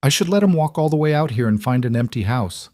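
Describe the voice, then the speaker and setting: A man reading the lines of a stubborn, bitter young ranch woman in a curt, flat way. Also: medium pitch, fast, no room sound, clean studio sound, voice pushed up, natural voice.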